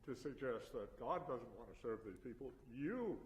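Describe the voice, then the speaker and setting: A man in a study group, making a thoughtful, halting comment in the discussion. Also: medium pitch, animated.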